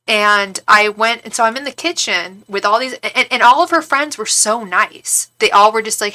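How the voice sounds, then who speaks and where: A woman who reads tarot on a live stream, telling an animated, gossipy story to her chat, rambling with restarts. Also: medium pitch, moderate pace.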